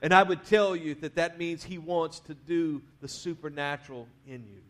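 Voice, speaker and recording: A man preaching a sermon in a church, talking conversationally, dropping quiet at the ends of phrases and rising to urge the congregation on. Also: fairly high pitch, steady tone, normal speed. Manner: conversational preaching, drops to quiet endings, rises to urge the crowd. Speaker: pastor. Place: church sanctuary.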